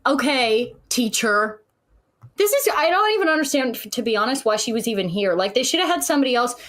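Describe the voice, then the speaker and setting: A woman's voice: high-pitched, big pitch swings, very fast. Sex: woman. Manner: mocking commentator. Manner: mocking, dismissive. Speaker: social media commentator. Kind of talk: opinionated commentary.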